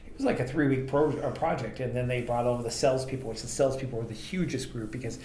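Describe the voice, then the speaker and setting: Here the co-host talks at a quick pace, his medium-pitched voice a little mellow, as he spins rambling, filler-laden tales about his transportation business. The casual podcast chat is recorded in an echoey space with faint ambient sound.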